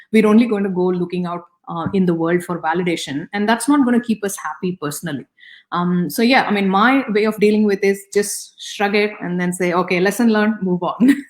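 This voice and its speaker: A woman's voice: medium pitch, a little mellow. A middle-aged woman with an Indian accent, speaking as an interview guest in a reflective, conversational way with many fillers and restarts.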